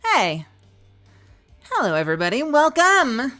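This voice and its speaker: A woman's voice: mid-range voice, very animated, moderate pace, pauses often, fairly bright tone, faint music behind. A woman livestreamer chatting casually and playfully with her viewers, greeting people and joking around.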